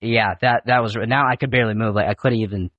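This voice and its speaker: A young man in a podcast studio, telling animated, profane stories in a casual, rambling way. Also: fairly low pitch, quick pace, no echo, muffled recording. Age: young adult. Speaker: podcast guest. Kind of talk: casual storytelling.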